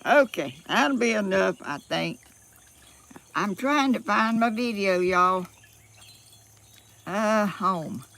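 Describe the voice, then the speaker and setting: A vlogger from Georgia in the US South speaks in a mid-range, gravelly, slightly bright voice, slow and full of long pauses but lively in intonation. She's livestreaming from her phone outdoors, a little out of breath, rambling in a folksy Southern way with frequent laughs and fillers.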